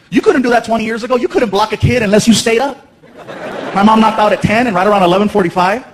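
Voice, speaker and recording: A man in his thirties doing stand-up comedy in a large theater on a handheld mic, playful and animated, often laughing. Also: high voice, fairly quick, a little hiss or hum. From United States. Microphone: handheld stage mic. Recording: roomy theater with loud crowd. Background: loud laughing audience.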